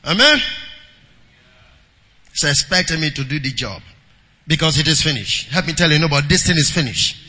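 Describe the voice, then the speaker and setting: Man preaching, bright high voice, calls out to the congregation, swings from quiet to shouted, long hall reverb. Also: expressive, moderate pace, long pauses. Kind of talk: sermon with scripture reading.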